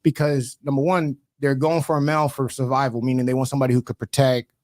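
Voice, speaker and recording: A young man hosting a podcast, telling stories in animated, slangy casual chat. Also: mid-range voice, quick pace. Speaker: podcast host. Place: podcast studio.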